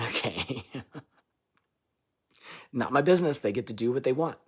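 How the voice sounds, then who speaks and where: A man giving a live channeled reading, loose and irreverent, swearing and laughing between lines, swinging between loud declarations and quiet asides. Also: medium pitch, lively intonation, slow pace, slightly rough. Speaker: spiritual channeler.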